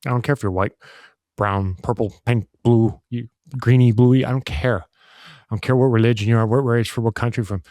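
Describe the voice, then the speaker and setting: A man's voice: medium pitch, steady tone, normal speed, darkish tone, no echo. A man talking as a podcast guest, emphatic and full of restarts and "you know". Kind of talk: casual conversation.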